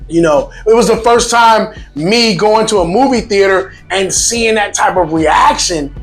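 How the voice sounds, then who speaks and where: A man hosting a casual vlog, talking to viewers in a lively, joking way with emphatic asides. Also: high-pitched, unhurried, soft background music. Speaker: vlog host.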